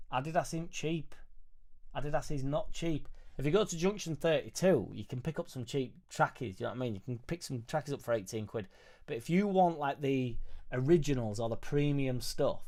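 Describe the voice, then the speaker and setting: A man's voice: medium pitch, darkish tone. A man with a Yorkshire accent hosting a casual late-night livestream from his small home music studio, rambling cheekily and swearing freely. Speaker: football fan channel host.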